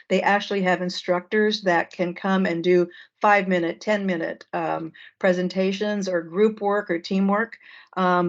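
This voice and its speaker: A woman presenting an online training session, relaxed and with frequent fillers, heard over a video call. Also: mid-range voice. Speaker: workshop presenter. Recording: dull lo-fi call audio.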